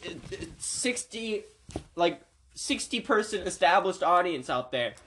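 A man's voice: sits high, sing-song, unhurried, fairly bright tone. Goofy rambling podcast host, man. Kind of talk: casual podcast chat.

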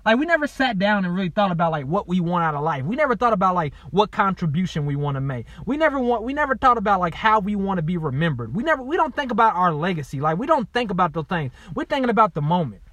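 A man who writes self-help books gives a motivational talk. He repeats himself for emphasis, keeps asking "right?" and saying "y'all", and moves from low, earnest talk to loud, insistent urging. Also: very animated, quick pace, few pauses, dry recording. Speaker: motivational speaker and author.

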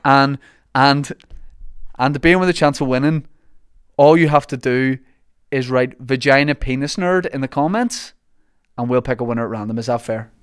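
A man's voice: mid-range voice, clear, resonant tone, no echo, studio quality. A man hosting a podcast, joking and teasing in casual banter. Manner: jokey, teasing, quick asides. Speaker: podcast host.

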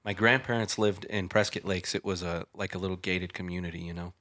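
Laid-back young man, a bit low. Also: steady tone, fairly quick, bright, forceful tone. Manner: laid-back, peppers talk with "dude" and "bro", laughs often. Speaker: podcast host. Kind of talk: casual storytelling chat.

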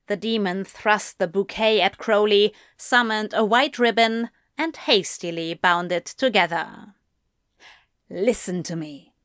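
A woman reads a story aloud in a measured, even voice. Her pace is slow and unhurried. The sound is close and dry, with no room echo. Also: mid-range voice, clear, resonant tone. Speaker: narrator. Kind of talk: audiobook fan fiction reading.

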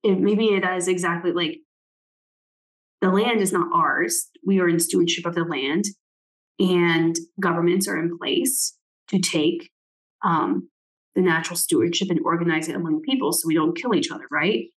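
A woman with a fairly low voice talks through her thoughts in a loose, rambling way. She reads aloud from a book between her asides and keeps checking in with "right?". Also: moderate pace, rough recording. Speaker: presenter reflecting on a book. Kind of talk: casual reflective talk with book reading.

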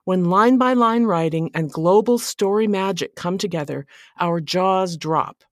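A woman hosting a writing podcast, giving scripted narration in an earnest, measured delivery. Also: lowish voice, dry recording, studio quality.

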